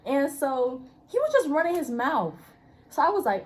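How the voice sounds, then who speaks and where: A young woman with a high voice tells a school story in casual chat. She talks bluntly and swears freely, and she acts out the other people's lines as she goes. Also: moderate pace. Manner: blunt, profane, animated storyteller.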